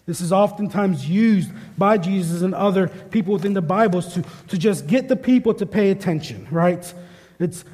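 A man's voice: high voice, brisk, mellow, in a large hall. A male pastor and parent preaching a sermon, emphatic, often repeating his key phrases. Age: adult parent. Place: church sanctuary.

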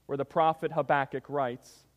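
A man's voice: mid-range voice, fairly even intonation, normal speed, phone-quality sound. A man preaching a sermon as pastor, reading scripture and praying, with an emphatic delivery that often calls the listeners church. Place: church sanctuary. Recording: long reverb of a church hall.

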